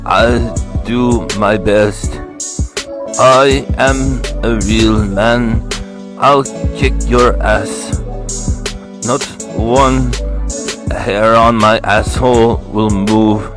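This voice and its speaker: A man performing a boastful, swaggering character with broken English, half-singing his lines slowly. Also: mid-range voice, steady tone, over music. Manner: half-sung, slow, boastful rhyming. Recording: sung over hip hop beat.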